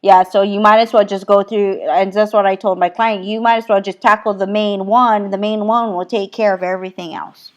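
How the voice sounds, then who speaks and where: A middle-aged woman from Hawaii, a spiritual healer, talking casually as a podcast guest, earnest and quick to laugh, with loose run-on phrasing. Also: mid-range voice, steady tone, lo-fi sound. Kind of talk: casual conversational storytelling.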